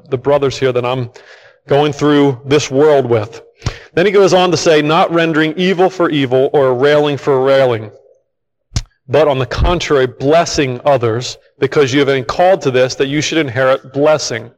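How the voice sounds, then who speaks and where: Man preaching in a reverberant hall. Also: a little high. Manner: conversational, asks the listeners questions. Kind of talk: Bible teaching sermon.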